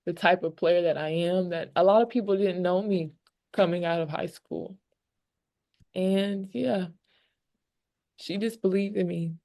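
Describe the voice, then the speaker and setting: A woman's voice: lowish voice, vocal fry, a little mellow. A young woman basketball player answering press conference questions in a candid, reflective way with many fillers.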